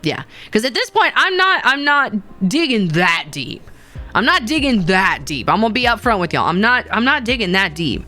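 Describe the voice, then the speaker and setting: A woman's voice: a little high, big pitch swings, normal speed, pushed and bright, faint music behind. A woman streamer casually chatting with her viewers in a playful, rambling way, often laughing and repeating herself. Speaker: VTuber streamer.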